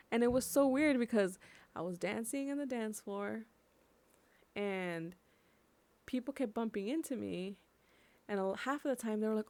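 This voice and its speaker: A young woman from California speaks in an impassioned, personal vlog. Her voice carries a gravelly fry in an otherwise mid-range pitch. She swears freely and drags out words for emphasis. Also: moderate pace, long pauses, a little mellow. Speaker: vlogger.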